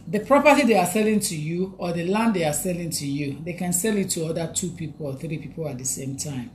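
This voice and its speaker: Lawyer lady giving advice, keeps repeating herself for emphasis, kinda low voice. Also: fast talker, few pauses, darkish tone, slight background noise. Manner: emphatic and repetitive, hammering points home. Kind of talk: advice talk to viewers.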